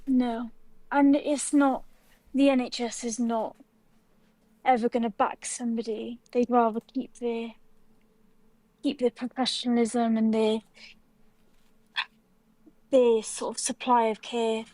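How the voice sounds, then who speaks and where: Brief: woman, high mellow voice, flat delivery, dry sound. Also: slow, pauses often, no room sound, rough recording. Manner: agreeing, supportive short replies. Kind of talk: live debate chat.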